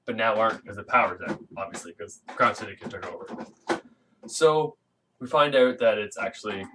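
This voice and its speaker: A man's voice: on the low side, sharp tone, distant mic, low-quality recording. A man casually recapping a comic book issue, rambling with lots of fillers and restarts and acting out the characters' lines in silly voices. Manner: rambling, filler-heavy, acts out quotes in funny voices.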